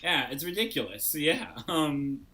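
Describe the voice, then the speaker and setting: A man's voice: a little high, sing-song, unhurried, very noisy. A man hosting an improv comedy show over a video call, joking playfully and trailing off with fillers. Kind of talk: casual comedic banter.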